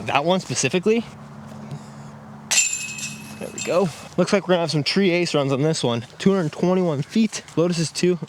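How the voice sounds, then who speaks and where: A man giving casual commentary while throwing discs on an outdoor course, exclaiming at each shot. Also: on the high side. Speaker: disc golf reviewer. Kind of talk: casual play-along commentary. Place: outdoor disc golf course. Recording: outdoor field recording with faint noise.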